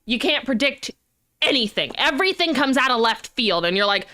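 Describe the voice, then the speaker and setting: A young woman streamer chatting casually, animated and rambling, with frequent swearing. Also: high voice, moderate pace.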